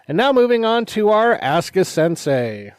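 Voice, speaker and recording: A man's voice: high voice, sing-song, moderate pace, a little hiss or hum. A man co-hosting a casual podcast, telling stories animatedly, acting out quotes and laughing often. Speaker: podcast co-host, martial arts instructor. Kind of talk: casual chat.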